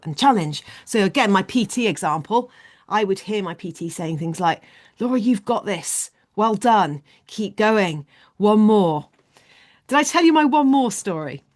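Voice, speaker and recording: A woman leading an online leadership training session, explaining ideas in an animated way on a video call. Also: lowish voice.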